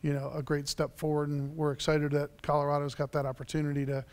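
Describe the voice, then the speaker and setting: Flat-toned man full of 'you know's. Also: fairly high pitch. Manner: halting, many 'you know' fillers. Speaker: panelist, hemp advocate. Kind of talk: panel discussion.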